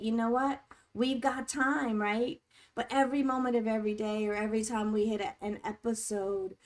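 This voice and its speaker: Woman host of a casual live chat, speaking gently and supportively to her viewers in a somewhat high voice. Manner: warm, supportive, reads chat aloud. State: tearing up. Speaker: livestream host.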